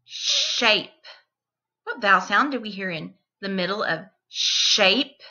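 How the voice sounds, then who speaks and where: Slow, bright-voiced woman teaching phonics. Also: medium pitch, lively intonation. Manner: slow, deliberate, repeats each word and sound. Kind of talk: distance-learning phonics lesson for young children.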